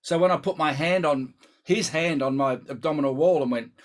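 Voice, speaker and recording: Sex: man. Pitch: a little higher than most men. Role: brass teacher, live online lesson. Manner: chatty and instructive. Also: a little fast. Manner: chatty, instructive, thinks aloud.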